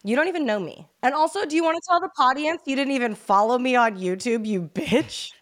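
A woman's voice: sits high, lively intonation, fast talker. Blunt swearing woman podcast co-host. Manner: blunt, swears freely, self-mocking jokes. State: grieving, fighting back tears. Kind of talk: casual chat.

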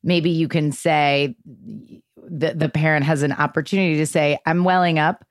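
A woman's voice: sits low, fairly even intonation, unhurried, no echo, clean studio sound. A woman hosting a podcast interview, prompting her guest and laughing along. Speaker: podcast host. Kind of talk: conversational interview.

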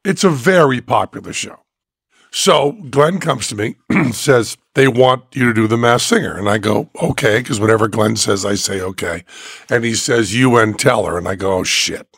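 Gravelly man telling a story. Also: mid-range voice, moderate pace, no room sound, clean studio sound. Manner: animated, laughs often, acts out quotes. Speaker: podcast host. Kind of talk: casual storytelling chat.

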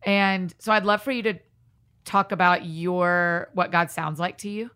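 A woman hosting a podcast interview, affirming her guest and quick to agree in a casual way. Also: fairly low pitch, fairly even intonation, bright, forceful tone, clean tone. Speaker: podcast host.

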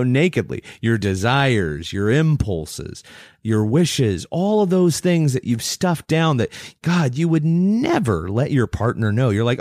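A man's voice: mid-range voice, a little mellow, no room sound, studio quality. A man who is a teacher and speaker, telling a personal story in a conversation in an earnest, reflective and intense way.

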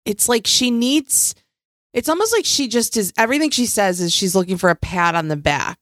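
A woman's voice: medium pitch, animated, normal speed, fairly bright tone, no echo, clean studio sound. A woman co-hosting a podcast in casual chat, agreeable and playful, laughing often. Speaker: podcast co-host.

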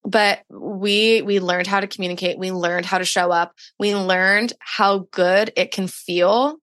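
A woman's voice: medium pitch, steady tone, unhurried, a bit bright, no room sound. Young woman guest chatting on a podcast, lots of "like", dry close mic. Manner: chatty storytelling, heavy use of "like". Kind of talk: casual chat.

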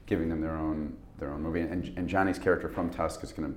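A very deep-voiced man in a loose interview chat. He rambles and restarts his sentences as he tells stories, and the sound is echoey and roomy. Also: steady tone. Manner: rambling, halting storyteller with many restarts. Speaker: actor guest.

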